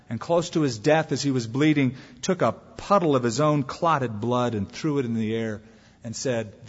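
A man pastor preaching a sermon earnestly, his voice swinging widely between loud emphatic peaks and soft low asides. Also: breathy edge. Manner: earnest preaching with wide swings in pitch and volume. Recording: long hall reverb, dull lo-fi sound.

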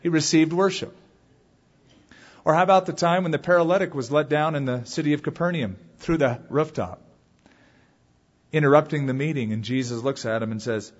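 A man preaching a sermon with dramatic swings from loud calls to quiet asides. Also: fairly high pitch, a little fast, highs cut off. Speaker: pastor.

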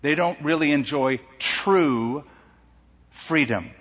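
A man's voice: fairly high pitch, slow, a bit bright, husky. An American man preaching a sermon, an earnest preacher who prays and tells stories. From United States. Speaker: pastor. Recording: dull audio with long hall reverb.

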